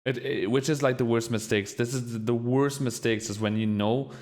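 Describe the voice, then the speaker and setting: A man's voice: mid-range voice, fairly even intonation, moderate pace, a little mellow. A man streaming a reaction to a documentary, talking casually, swearing freely and getting openly emotional. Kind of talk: casual live-stream commentary.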